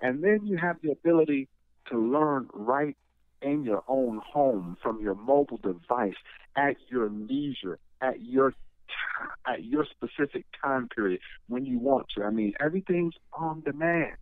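A middle-aged man, a guest in an interview, talking in a motivational, animated way, often restarting his sentences. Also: mid-range voice, normal speed, dry recording. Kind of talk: conversational interview. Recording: tinny phone line.

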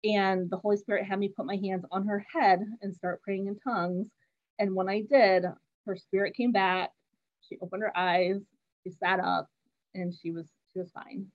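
A middle-aged woman telling an earnest personal faith testimony in steady storytelling. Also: medium pitch, moderate pace, dull audio. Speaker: guest sharing a testimony.

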